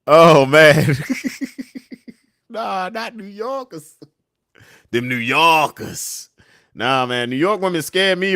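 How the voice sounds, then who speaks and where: A man from Washington, D.C. reads his viewers' comments off a livestream, breaking into laughter again and again. His voice leaps up and down in pitch while his delivery stays slow. The sound is close-miked and dry. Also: no echo. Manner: laughs often, reads chat comments aloud, animated reactions. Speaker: livestream host reading chat. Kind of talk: casual livestream chat.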